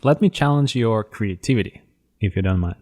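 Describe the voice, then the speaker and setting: A man's voice: fairly low pitch, expressive, brisk, mellow. Hesitant man hosting an interview. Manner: hesitant, restarts with fillers. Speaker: podcast host. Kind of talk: casual interview conversation.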